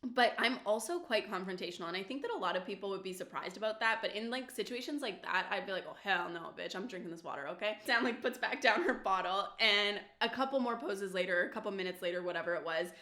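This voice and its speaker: Doing her makeup on camera, a young female beauty vlogger rattles off a casual get-ready-with-me story loaded with fillers and curse words. She talks fast with few pauses in a bright, forceful mid-range voice, and the room echoes.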